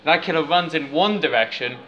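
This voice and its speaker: A man's voice: on the high side, moderate pace, fairly bright tone, muffled recording, slight background noise. A man retelling film scenes in detail and slipping in puns during a casual chat.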